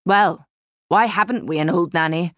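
A woman's voice: on the low side, normal speed, a bit bright, no echo, natural voice. A woman voicing a sardonic young man. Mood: mocking. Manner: dry, mocking. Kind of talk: audiobook character reading.

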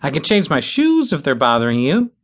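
A male narrator voicing an anxious young woman who whines and pleads in a high, squeaky voice. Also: huge pitch swings, a little fast, fairly bright tone, full character voice. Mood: distressed. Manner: whiny, high-pitched pleading.

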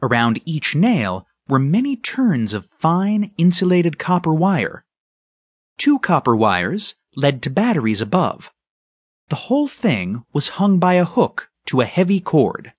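Husky man reading a children's story. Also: fairly high pitch, very animated, a little slow, no echo. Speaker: audiobook narrator. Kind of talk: scripted narration.

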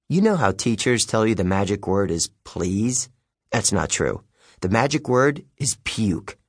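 A man's voice: lowish voice, measured pace, no room sound, clean studio sound. A man narrating a children's audiobook in the first person, with a wry storytelling manner. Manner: lively, wry storytelling with youthful character voices.

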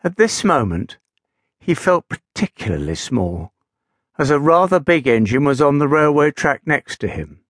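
A man narrating a children's story with gentle, expressive storytelling. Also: a little high, moderate pace, no echo, studio quality. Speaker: audiobook narrator. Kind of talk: scripted narration for young children.

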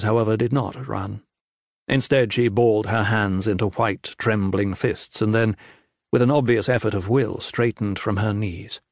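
Measured slow male audiobook narrator. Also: lowish voice, gravelly, no echo, clean studio sound. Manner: measured, grave storytelling. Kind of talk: scripted narration.

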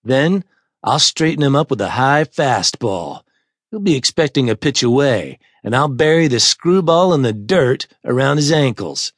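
A cocky young surfer-dude pitcher, easygoing and drawling, sure of himself, as a man puts him on for an audiobook. The sound is dry and close, with no room around it. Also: sing-song, normal speed, no echo. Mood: scheming.

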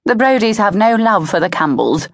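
A woman narrator voicing a stern older Englishwoman with a crisp English accent and curt manner. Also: mid-range voice, very animated, normal speed, no echo, studio quality, pitched above the performer's own voice. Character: stern older Englishwoman guarding her cottage.

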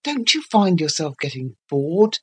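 A woman's voice: low-pitched, sing-song, unhurried, a bit bright, husky, exaggerated voice. A woman voicing an ironic, restless young woman in an audiobook reading, cool and probing.

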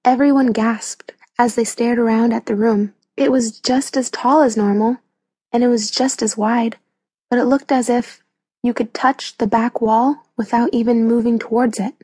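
A woman narrating a children's audiobook in a clear, even storytelling manner on a close mic. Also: fairly high pitch, moderate pace, no echo.

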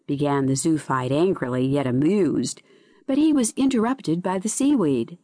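Woman audiobook narrator, fable reading, lively pitch, dry close sound. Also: no echo. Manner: measured, expressive storytelling.

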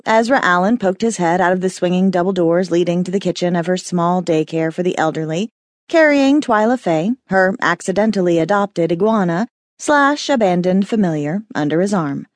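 Expressive woman narrating an audiobook. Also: mid-range voice, no echo, studio quality. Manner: expressive storytelling. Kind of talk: scripted narration.

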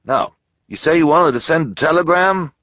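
A man's voice: fairly high pitch, normal speed, no room sound, muffled recording, voice pushed up, close to an everyday voice. A man voicing a friendly, scruffy little shopkeeper who chats and holds firm opinions, in a storybook reading. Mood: chatty. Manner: chatty, opinionated.

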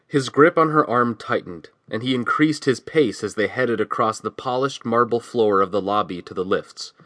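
A man giving steady scripted audiobook narration, reading a novel and voicing its dialogue quietly. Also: mid-range voice, normal speed, no echo.

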